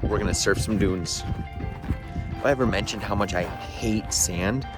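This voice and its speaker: A man's voice: fairly low pitch, measured pace. A young man vlogging outdoors at sand dunes, joking and sarcastic, talking straight to the camera. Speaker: travel vlogger. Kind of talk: casual vlog narration. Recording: music bed underneath.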